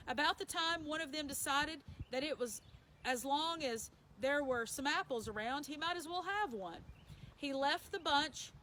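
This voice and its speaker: A woman's voice: high-pitched, a bit bright, a little hiss or hum, poor audio. A woman reading a children's novel aloud as a bedtime story, in a plain storytelling manner with small slips and self-corrections. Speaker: story reader.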